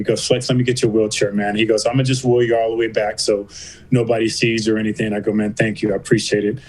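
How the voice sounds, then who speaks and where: A man as a podcast guest, telling a story in a loose, conversational way. He acts out each quoted line, and his voice sits at an average pitch. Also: a little mellow, rough recording. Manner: vivid retelling, acting out quoted voices. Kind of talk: casual interview storytelling.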